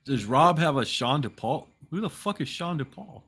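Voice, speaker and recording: Male podcast guest, giggly jokes, bright husky voice, lively. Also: on the high side, moderate pace. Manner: giggly, joking. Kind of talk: casual banter.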